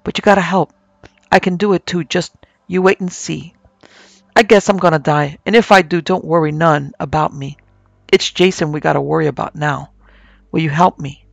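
A man voicing an old rural woman said to be half witch, calm, coaxing and folksy. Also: a little high, moderate pace, gravelly, dry recording. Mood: pleading.

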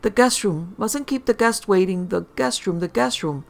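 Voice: medium pitch, normal speed, creaky, a little mellow, pitched above the performer's own voice, close to an everyday voice. A storyteller voicing a drunk, panicky middle-aged woman who mutters frantically. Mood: dazed.

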